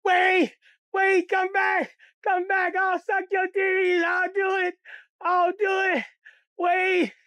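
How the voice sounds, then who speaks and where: Brief: man as whiny greedy little boy, high voice. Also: animated, moderate pace, dry recording. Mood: wailing. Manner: whiny, pleading, wailing. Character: greedy excitable 7-year-old boy begging for candy.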